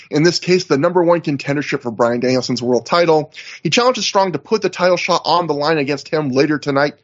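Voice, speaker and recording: A man's voice: on the high side, muffled recording. A man co-hosting a podcast, chatting casually as he recaps in detail with lots of fillers. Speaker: podcast co-host.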